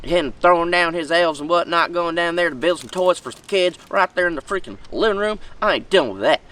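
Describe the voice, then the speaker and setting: A man's voice: on the high side, brisk, fairly bright tone, recorded from a distance, natural voice, low-quality recording. A man playing an aggrieved, rambling redneck in a comedic monologue, with a tobacco dip in his mouth. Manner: rambling, folksy, loses his thread.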